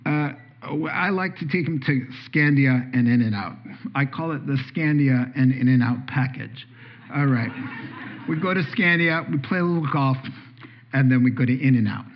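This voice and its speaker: Older male pastor, lively sermon. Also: mid-range voice, normal speed. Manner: animated storytelling with voices. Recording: dull lo-fi sound.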